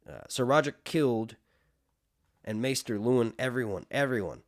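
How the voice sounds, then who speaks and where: A man reading aloud as a young noble boy, grieving but resolute, earnest and halting. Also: medium pitch, lightly acted. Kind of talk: casual book reading aloud.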